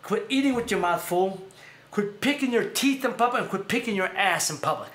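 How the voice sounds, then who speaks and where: A man hosting a casual livestream, ranting animatedly and sometimes shouting. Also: high voice, animated, a little fast, reverberant. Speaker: show host. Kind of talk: casual livestream rant and chat.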